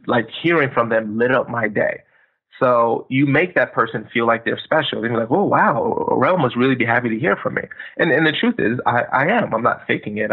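Man, gravelly voice, energetic advice giver, phone-quality audio. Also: medium pitch. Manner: energetic, emphatic, acts out phone greetings. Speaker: guest speaker. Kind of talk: podcast interview, motivational advice. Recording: tinny phone line.

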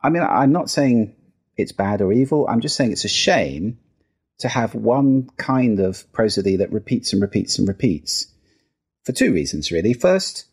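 Middle-aged guy from the uk, husky lowish voice, bounces his pitch all over to show a point. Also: big pitch swings, moderate pace, a little mellow. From United Kingdom. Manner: demonstrative, plays with pitch and register while explaining. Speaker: guest, sound and listening expert. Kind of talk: podcast interview.

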